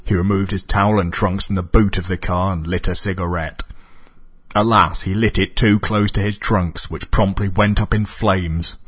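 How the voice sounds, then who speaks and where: Deep husky deadpan male narrator. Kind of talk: scripted comic narration.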